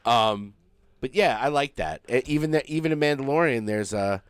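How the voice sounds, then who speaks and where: A man's voice: medium pitch, animated, moderate pace, smooth, dry recording, clean studio sound. A man co-hosting a podcast, chatting casually, rambling with restarts and swearing freely. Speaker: podcast co-host. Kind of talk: casual chat.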